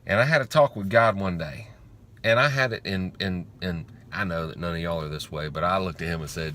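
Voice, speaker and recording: A man's voice: low voice, a little fast, sharp tone, slight background noise. A man giving a blunt, emphatic motivational talk on faith and money, repeating lines for effect and swearing casually. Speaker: online speaker on faith and money. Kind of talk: informal motivational monologue.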